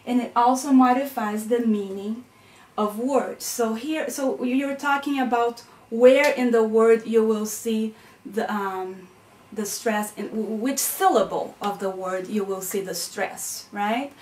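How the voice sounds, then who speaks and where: A woman's voice: fairly high pitch, fairly even intonation, slow, darkish tone, slight background noise. A woman lecturer explaining concepts patiently, often checking in with "okay?" and "right?". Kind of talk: recorded classroom lecture. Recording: echoey room, mic at a distance.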